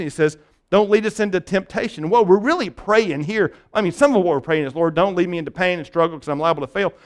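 A male pastor preaching a conversational sermon, often restarting phrases and checking in with "right?". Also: high voice.

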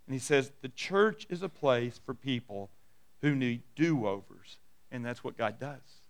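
A middle-aged male pastor preaching a sermon and telling stories, dropping soft and low for quoted lines. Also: a little slow.

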